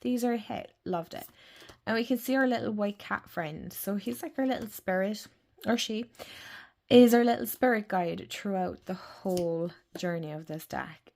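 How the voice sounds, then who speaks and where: A woman's voice: mid-range voice, moderate pace, creaky, darkish tone. A woman with an Irish accent, chatting casually and gushing about oracle decks in a rambling way. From Ireland. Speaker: tarot and oracle deck channel host. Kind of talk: casual deck review chat.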